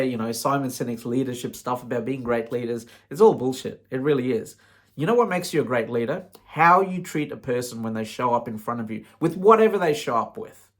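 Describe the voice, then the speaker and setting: Man, casual vlog monologue: frank, rambling, conversational, with a mid-range voice. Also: medium pitch. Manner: frank, rambling, peppered with "you know". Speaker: vlogger.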